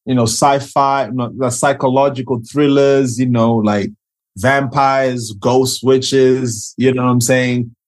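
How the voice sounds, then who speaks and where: A man's voice: medium pitch, fairly even intonation, measured pace. A man from Zimbabwe, a guest actor on a podcast, talking loosely and casually with lots of fillers. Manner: laid-back, filler-heavy, loose phrasing.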